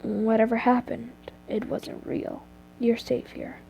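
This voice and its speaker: A woman reading aloud and voicing a gentle, caring young man, speaking softly and in a hush. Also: fairly high pitch, very animated, a little slow, muffled recording, slight background noise. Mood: soft concern. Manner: soft and hushed.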